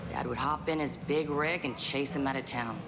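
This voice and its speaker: An actress playing a tough small-town bar owner who talks bluntly and swears, in a video game cutscene. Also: female voice, very deep voice, normal speed, over music. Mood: defiant. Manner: blunt, swears, dry laugh. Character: tough bar-owning woman, blunt and defiant.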